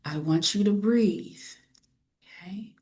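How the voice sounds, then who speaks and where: Brief: woman webinar host, medium pitch, unhurried measured delivery, calm teacher tone, video call mic. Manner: slow, calm, repeats phrases; enthusiastic teacher voice. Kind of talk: guided breathing and lecture.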